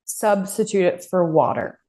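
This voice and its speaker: A woman co-hosting a casual podcast, telling stories with lively quoted voices and frequent laughter. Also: fairly low pitch, moderate pace. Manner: animated storytelling, acting out quoted voices and laughing. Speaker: podcast co-host. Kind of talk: casual chat.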